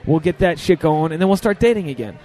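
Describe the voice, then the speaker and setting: A man's voice: on the high side, fast talker. A young man, a podcast host and stand-up comic, telling a story in casual, profane chat and acting out the quotes. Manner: animated, profane, acts out quotes.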